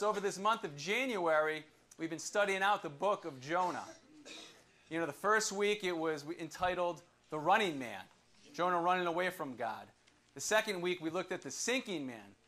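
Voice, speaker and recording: A man filling in as preacher, giving a casual sermon and retelling a Bible story with voiced quotes, then reading Scripture slowly. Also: bright, forceful tone. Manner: slow, low Scripture reading. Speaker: substitute preacher. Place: church sanctuary.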